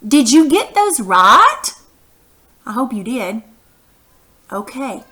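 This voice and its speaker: A woman with a bright, fairly high voice teaches punctuation to young children. She speaks patiently and encouragingly, asking them to read along and stretching out example sentences to show emphasis. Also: very animated, slow.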